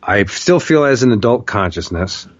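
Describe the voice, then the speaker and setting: A man's voice: on the low side, lively intonation, moderate pace, dry recording, highs cut off. A man casually telling a long personal story, swearing freely and often saying "like.". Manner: candid, profane, with frequent "like" fillers.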